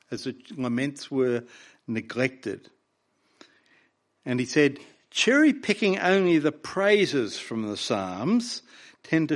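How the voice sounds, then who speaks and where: A man preaching a sermon, reading scripture with raw emotion between plainly explained points. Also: mid-range voice.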